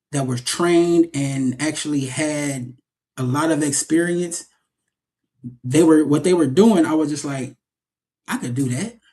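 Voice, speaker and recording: A young adult man, an actor, telling stories in a casual interview, animated and often repeating his words as he goes. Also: fairly high pitch.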